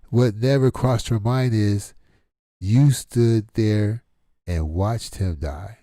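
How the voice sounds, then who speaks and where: A middle-aged man from Detroit talks in a blunt, exasperated monologue, firing off rhetorical questions. His voice sits low with a dark, mellow tone. The sound is dry and close, with no room around it. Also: slow pace, no echo. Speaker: channel host. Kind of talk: casual commentary monologue.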